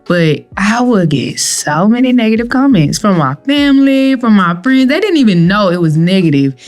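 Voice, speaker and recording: A young adult woman, a guest on an interview podcast, telling her own story in an animated way. She acts out what she and others said, and often laughs as she goes. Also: mid-range voice, moderate pace, faint music behind. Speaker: guest, cannabis entrepreneur with a pharmacy doctorate.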